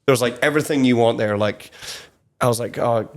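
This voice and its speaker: A man's voice: mid-range voice, a little fast. A young man from Scotland with a Scottish accent, chatting casually as a podcast guest and rambling with lots of fillers. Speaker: guest, country songwriter. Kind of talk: casual interview chat. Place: studio.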